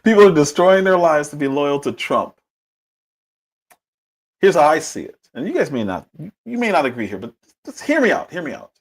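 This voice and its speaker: A man hosting a political commentary livestream, talking in an emphatic, animated way with a husky voice. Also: moderate pace, pauses often. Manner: animated, emphatic, with big pitch swings.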